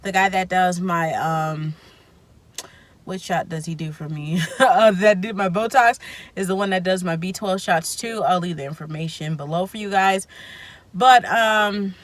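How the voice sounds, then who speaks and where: A woman's voice: lowish voice, unhurried, no echo. A woman chatting straight to her viewers in a casual vlog. She talks openly and loosely, rambling a little and correcting herself mid-sentence. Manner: candid, rambling, self-correcting. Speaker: vlogger. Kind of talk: casual vlog chat to camera.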